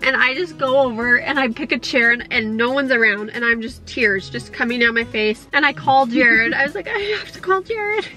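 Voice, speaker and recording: A young woman telling a story to her viewers in a casual, animated way, often laughing. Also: fairly high pitch, normal speed, few pauses, soft background music, poor audio. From Utah. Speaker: vlogger.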